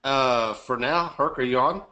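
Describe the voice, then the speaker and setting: A man's voice: medium pitch, measured pace, pushed and bright. A man hosting a live webinar, chatty and upbeat, greeting attendees by name and joking. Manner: upbeat, chatty, reading names aloud and joking. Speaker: webinar host.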